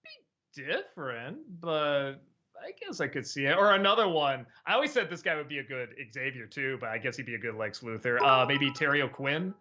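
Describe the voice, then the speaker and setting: A man chats casually on a live stream, his bright voice rising and falling a lot as he hesitates, restarts and laughs. The audio is a little dull and lo-fi. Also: medium pitch, sing-song, moderate pace. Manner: hesitant, many fillers and restarts, laughs easily. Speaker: host of a live-streamed chat show. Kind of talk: casual live-stream chat answering viewers.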